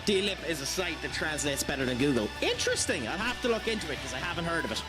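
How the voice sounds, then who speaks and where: High-voiced chatty streamer man. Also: lively intonation, fast. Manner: chatty, laughs often, self-mocking. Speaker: game streamer reading chat. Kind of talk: casual live-stream chat. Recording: game music behind voice. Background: game music.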